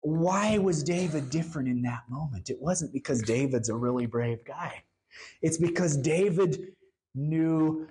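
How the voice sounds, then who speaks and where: A preacher delivering a sermon in an earnest, emphatic way, slowing down to stress the key lines. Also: medium pitch, mellow.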